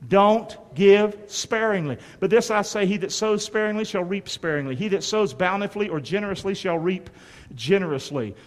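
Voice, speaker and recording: A man's voice: high voice, animated, a little fast, big-room sound. A man preaching a sermon as pastor, emphatic and drawing the congregation to respond. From North Carolina.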